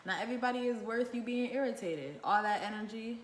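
A woman talking on a live vlog from home. She is blunt and profane, with a naturally loud voice, and she fires off repeated rhetorical questions. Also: a little high, fairly quick, roomy sound. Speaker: vlogger going live. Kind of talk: casual live-stream monologue. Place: at home indoors.

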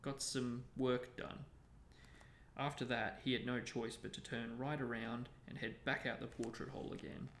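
A man hosting a show, reading a novel aloud in a steady storytelling manner. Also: mid-range voice, a little fast, few pauses, slight background noise. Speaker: reader and show host. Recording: roomy echo.

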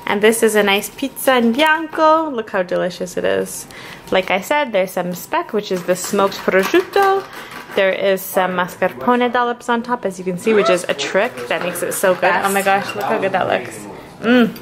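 A woman's voice: mid-range voice, expressive, normal speed. A woman hosting a casual cooking vlog at home, chatty and enthusiastic about the food, filmed on a handheld camera. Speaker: vlogger host. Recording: noisy home camera audio.

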